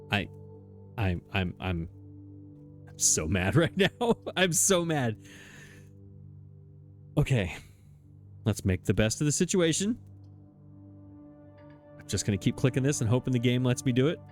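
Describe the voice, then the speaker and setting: A man's voice: mid-range voice, lively intonation, unhurried, pauses often, soft background music. A man commenting on his own gameplay, flustered and exasperated, talking to himself. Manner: frustrated, exasperated, talks to himself. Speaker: let's play gamer.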